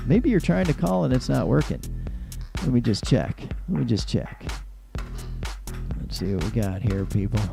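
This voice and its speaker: A man's voice: medium pitch, animated, normal speed, vocal fry, music in the background. A man hosting a call-in show, rambling and mocking himself as he reads out the number and fixes the lines. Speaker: host.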